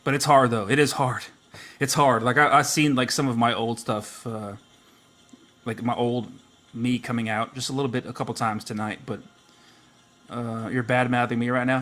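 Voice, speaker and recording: A man's voice: mid-range voice, level tone, moderate pace, a bit bright, soft background music. A man hosting a livestream, chatting casually and teasing a friend in a joking, playful way. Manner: teasing, joking, full of "like" fillers. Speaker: livestream host.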